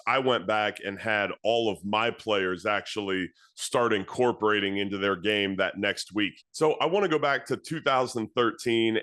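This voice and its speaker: A man in his thirties, a football coach, tells a story in an earnest way and leans on repeated phrases. His voice sits fairly low. The sound is dry and close, with no room around it. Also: fairly bright tone, no room sound. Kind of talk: motivational talk to coaches.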